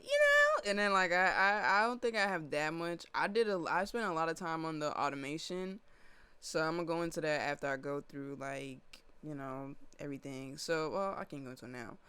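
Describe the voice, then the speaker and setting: A man's voice: on the high side, pushed and bright, clean tone. A man casually walking through his own song, talking in a loose, slangy way with lots of fillers and restarts. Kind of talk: casual walkthrough of a music session.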